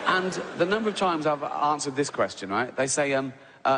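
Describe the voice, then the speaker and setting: Middle-aged English stand-up comedian, rambling and chatty, on a handheld mic in a big echoing theatre. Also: male voice, on the high side, animated, normal speed, very noisy. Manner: rambling, self-interrupting, conversational. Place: large theatre stage. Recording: live venue with long reverb and loud crowd.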